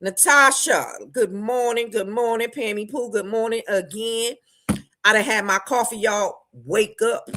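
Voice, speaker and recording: A woman hosting a casual livestream, greeting viewers by name, her voice jumping between loud bursts and low asides. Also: unhurried. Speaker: livestream host.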